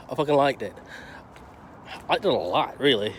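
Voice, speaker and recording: A man's voice: mid-range voice, expressive, moderate pace, slight background noise. A man giving a casual, profane and heated movie review, rambling and swearing as he goes.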